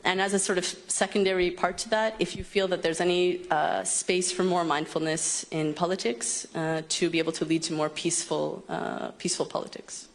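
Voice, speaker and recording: A woman's voice: fairly low pitch, little pitch movement, a little fast, creaky, few pauses. A young woman in the audience asking a question into a handheld microphone, sounding nervous and hesitant, with frequent ums. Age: young adult. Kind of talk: question from the floor.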